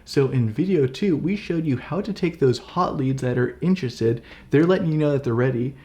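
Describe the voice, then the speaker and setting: A man's voice: medium pitch, normal speed. Encouraging man coaching in casual chat. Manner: encouraging, conversational, animated. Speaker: co-host, business coach.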